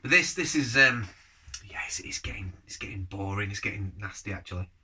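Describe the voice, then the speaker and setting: A man's voice: on the low side, lively intonation, brisk, bright, forceful tone, husky. A man casually reviewing a beer on camera, rambling from one thought to the next and giving blunt verdicts. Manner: rambling, jumps between topics.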